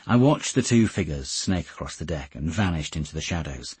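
Male audiobook narrator, steady and measured, deep and very husky. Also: no room sound.

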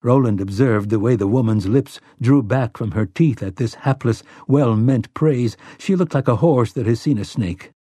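A man narrating an audiobook in a measured, steady storytelling manner. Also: mid-range voice, husky, dry recording, studio quality. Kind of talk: scripted narration.

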